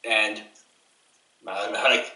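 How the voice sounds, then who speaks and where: Jokey guy, bright punchy voice, pretty far from the mic with room echo. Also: fairly low pitch, takes it slowly. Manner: animated, jokey. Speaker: co-host. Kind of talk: casual movie chat.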